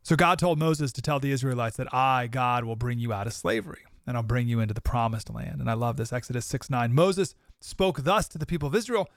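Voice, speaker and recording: A man's voice: medium pitch, a little fast, hardly any pauses, dry recording, studio quality. A man hosting a podcast, talking reflectively to his listeners and reading out scripture in a conversational way. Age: adult with a young child. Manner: conversational, quotes scripture, talks to listeners directly. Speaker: podcast host.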